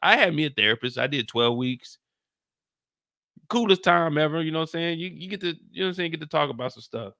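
A man hosting a casual TV recap, animated and slangy, often laughing. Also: a little high, fast talker, creaky, no echo, clean studio sound. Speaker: show recap host. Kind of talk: casual commentary.

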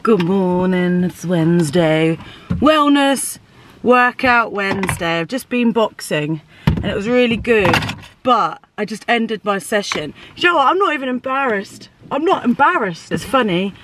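A woman's voice: mid-range voice, expressive, measured pace, a bit bright, a little hiss or hum. A woman chatting casually to her phone for a vlog, telling stories, swearing freely and laughing often. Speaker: vlogger. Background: music.

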